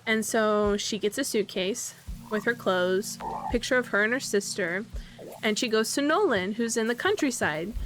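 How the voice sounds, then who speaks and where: A woman's voice: fairly high pitch, animated, moderate pace, fairly bright tone, slight background noise. A woman host casually narrating a game storyline in a chatty way, with lots of fillers and tag questions. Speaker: channel host.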